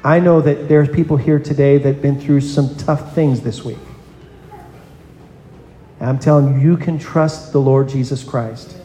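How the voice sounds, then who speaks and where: Earnest preacher in an echoey hall. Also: male voice, mid-range voice, steady tone, measured pace, warm tone, a little hiss or hum. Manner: earnest, addresses children in the congregation by name. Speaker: pastor. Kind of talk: sermon. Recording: echoey hall with long reverb.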